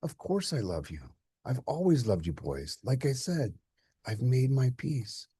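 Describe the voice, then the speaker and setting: A man's voice: mid-range voice, huge pitch swings, moderate pace, husky, no room sound, clean studio sound, pitched above the performer's own voice, exaggerated voice. A man doing a dying older father. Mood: calm. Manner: soft, weary, gentle.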